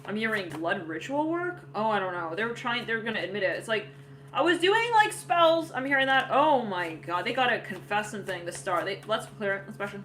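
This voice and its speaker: Bright-voiced woman rambling through a tarot reading. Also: medium pitch, animated, fast talker, few pauses. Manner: rambling, laughs often, many fillers. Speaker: tarot reader. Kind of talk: casual psychic tarot reading.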